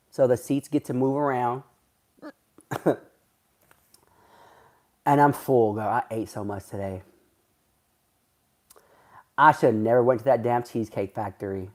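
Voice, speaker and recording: A man on a casual livestream, talking in a chatty, gossipy way at an ordinary mid pitch. His asides drift and ramble as he answers viewers' comments between thoughts. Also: a little mellow. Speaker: livestreamer reading chat.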